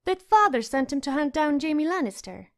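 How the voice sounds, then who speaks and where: A woman's voice: high voice, sing-song, normal speed, voice pushed up. A woman reading an audiobook, voicing a fierce and sullen young noble girl who speaks bluntly and defiantly.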